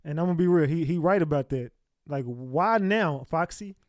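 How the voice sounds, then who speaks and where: A man's voice: a little high, expressive, moderate pace, no room sound, clean studio sound. A man hosting a casual live stream who talks straight to his chat and laughs often.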